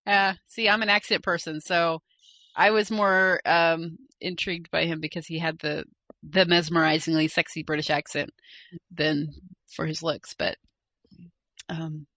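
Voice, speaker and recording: Bright, chatty woman podcast co-host. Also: deep voice, flat delivery, a little slow, no room sound. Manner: chatty, giggly, hesitant with fillers. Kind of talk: casual chat, reading listener mail.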